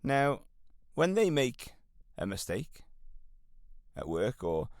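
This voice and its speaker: A man's voice: mid-range voice, sing-song, slow pace, no room sound, clean studio sound. A man with a Welsh accent hosting a solo self-help podcast, talking to listeners in an earnest, encouraging coaching way. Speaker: podcast host.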